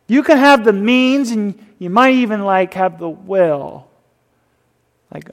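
A man preaching a sermon, swinging between loud emphasis and hushed whispers. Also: high-pitched, slow pace. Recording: long reverb of a hall.

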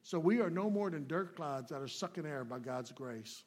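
A man preaching a sermon as a guest speaker, folksy and plainspoken, swinging between loud, emphatic points and hushed asides. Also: on the high side, lively intonation, moderate pace.

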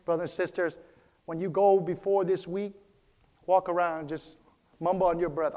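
A man's voice: on the high side, fairly even intonation, fairly quick. A man preaching a sermon as pastor of a church, repeating his key phrases and calling out to the congregation for a response. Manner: repetitive, preacherly, calls for response.

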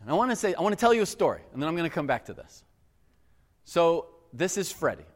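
A man preaching a sermon. He tells a personal story in an earnest, animated way and keeps addressing the crowd as guys. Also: on the high side, fast talker. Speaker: pastor. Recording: long reverb of a large hall.

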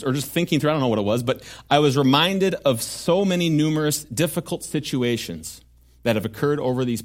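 A man preaches a sermon to his congregation in a church. His tone is earnest but conversational, with frequent asides to the listeners. His voice sits at a middle pitch. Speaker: pastor.

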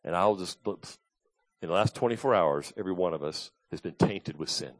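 A man's voice: sits low, a little fast. Earnest man preaching a sermon. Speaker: pastor. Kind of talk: expository sermon.

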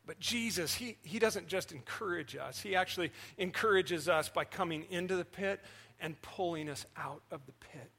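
A man, the senior pastor, preaching a sermon with animated storytelling that swings between loud and soft. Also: sits high, moderate pace, gravelly, slightly rough.

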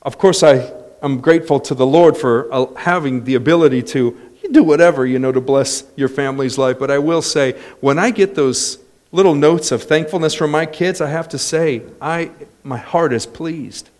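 A man's voice: a little high, normal speed. A middle-aged man preaching a sermon, telling stories with joking asides. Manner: lively storytelling with joking asides. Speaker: pastor.

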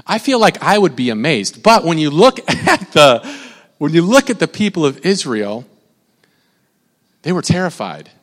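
A young man preaching a casual, animated sermon, rambling and cutting himself off as he goes. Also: fairly high pitch, measured pace, in a large hall. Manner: animated, rambling, self-interrupting. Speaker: pastor.

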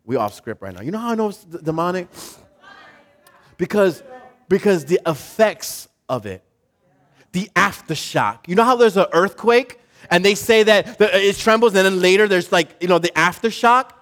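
A man preaching a sermon in a casual, animated way, full of slang, repetition and asides to the congregation. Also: sits high, moderate pace.

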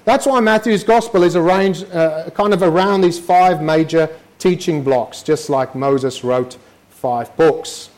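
A man preaching a sermon with a fairly high voice. He talks to the congregation in a conversational way and slips into quick imitations of his listeners' objections. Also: a little mellow. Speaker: pastor.

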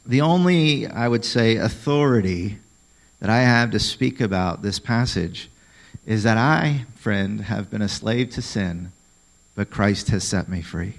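A man's voice: lowish voice, animated, a little slow, creaky, poor audio. A man preaching a sermon in a conversational, emphatic way, often asking the congregation questions. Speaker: pastor.

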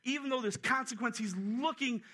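A man preaching a sermon as pastor, animated and conversational, with quick asides to his church. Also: extremely high pitch. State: a little out of breath.

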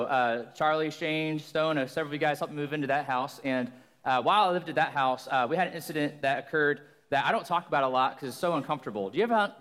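A young man preaching as a guest in a church, loud and joking as he tells a long funny story. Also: a little high. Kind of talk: sermon. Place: church hall. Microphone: handheld or stage microphone. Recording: long reverb of a church hall.

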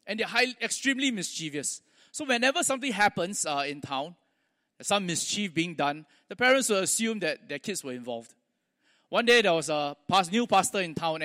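A male pastor preaching, telling stories with pauses and small restarts. His voice sits high for a man, and a long church-hall reverb trails each phrase. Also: a bit bright. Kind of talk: sermon.

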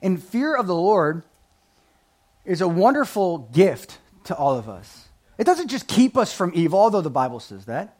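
A man preaching a sermon and reading scripture aloud, swinging between loud emphasis and quiet asides and laughing at his own jokes. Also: sits high, sing-song, moderate pace. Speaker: pastor.

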